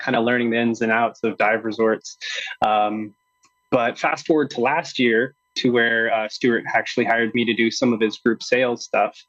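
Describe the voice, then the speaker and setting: A man's voice: on the low side, fairly bright tone, no echo, dull audio. A young man, newly joined the team, telling his story eagerly with lots of uhs on a podcast. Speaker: new staff member. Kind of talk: casual podcast chat.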